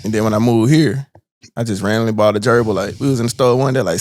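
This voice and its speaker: A man's voice: on the low side, fast, darkish tone, no room sound. A man co-hosting a podcast, telling funny stories in casual chat, acting out voices and laughing often. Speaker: podcast co-host. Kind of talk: casual chat, animated storytelling.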